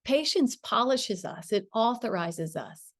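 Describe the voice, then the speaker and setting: A middle-aged woman telling a personal spiritual story. She talks in an earnest, reflective way with gentle pauses and frequent small laughs. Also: on the high side, expressive, dry recording, clean studio sound. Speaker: spiritual teacher.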